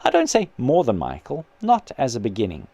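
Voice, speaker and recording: A calm, kindly male spirit, read by a man, speaking in an earnest, patient voice that still rises and falls a lot. Close and dry. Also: medium pitch, fairly quick, creaky, no room sound, lo-fi sound, pitched below the performer's own voice, heavily acted. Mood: gentle. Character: patient gentle male spirit, her brother.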